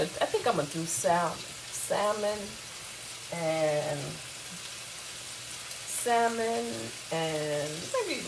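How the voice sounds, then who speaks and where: In a home kitchen, a Southern US cooking show host with a mid-range voice chats casually and folksily with her viewers. The background is noisy, as food sizzles loudly in a frying pan behind her.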